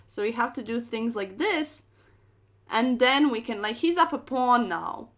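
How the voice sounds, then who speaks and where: A woman's voice: fairly high pitch, animated, measured pace. A young woman streaming chess, commentating her moves with playful slang and dramatic exclamations.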